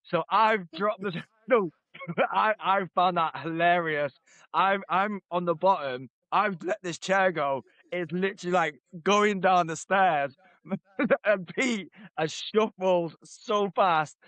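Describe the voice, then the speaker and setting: A man tells a family story in a loose, rambling way, swearing and laughing as he goes. His voice sits a little high, and the recording is dry and close. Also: takes it slowly, fairly bright tone, no room sound. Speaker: podcast co-host. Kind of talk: casual storytelling.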